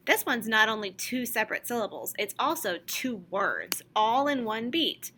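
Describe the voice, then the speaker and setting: A woman teaching a recorded music lesson to young children, explaining slowly and clearly and chanting rhythm syllables for them to copy. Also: on the high side, very animated, very noisy.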